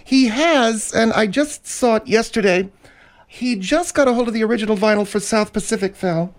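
A man's voice: high-pitched, normal speed, voice pushed up, lightly acted. A man voicing Margaret, a prim, easily offended woman co-host who lectures the others.

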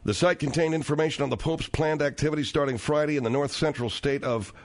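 A middle-aged man hosting a comedic talk radio show, riffing sarcastically on news stories with animated delivery. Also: on the high side, quick pace.

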